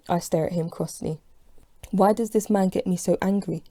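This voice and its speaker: A woman's voice: fairly low pitch, little pitch movement, normal speed, dark tone, no room sound. A woman reading her own novel aloud as an audiobook, telling it in the first person with expression. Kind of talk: audiobook narration.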